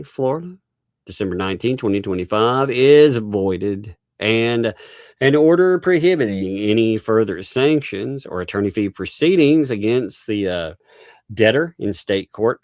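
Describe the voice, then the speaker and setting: Male livestream host, lower voice, dry close sound, sarcastic commentary on legal documents. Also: no echo. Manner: sarcastic, reads legal text aloud with asides and laughs. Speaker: livestream host reading court filings.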